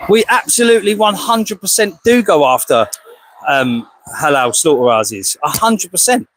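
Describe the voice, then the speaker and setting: English man, high-pitched, combative outdoor rant, dry close sound. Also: big pitch swings, moderate pace, a bit bright, no echo, rough recording. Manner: combative, rhetorical, calls listeners "mate". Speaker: animal rights activist. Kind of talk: heated confrontational monologue. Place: outdoors outside a slaughterhouse.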